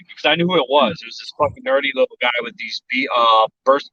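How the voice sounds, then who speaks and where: A man's voice: medium pitch, fast, sharp tone, lo-fi sound. A man from South Texas telling a story in casual chat, blunt and profane, and he acts out the voices of other people. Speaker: podcast guest.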